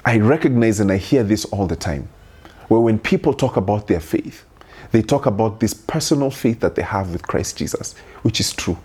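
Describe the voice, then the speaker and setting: A man's voice: fairly low pitch, animated, normal speed, warm tone, slightly rough. A man preaching a sermon in an earnest tone, building through repeated rhetorical questions. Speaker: pastor.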